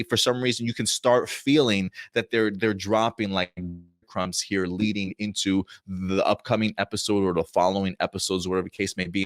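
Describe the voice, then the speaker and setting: Enthusiastic low-voiced man reviewing. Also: dry recording, clean studio sound. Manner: enthusiastic, rambling, with many restarts. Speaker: show host reviewing TV episodes. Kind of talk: casual review talk.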